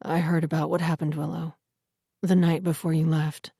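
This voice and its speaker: A woman voicing a rough, hushed old wolf alpha. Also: a little high, little pitch movement, moderate pace, no echo, studio quality. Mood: hushed sorrow. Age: older. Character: grieving older male werewolf, former alpha.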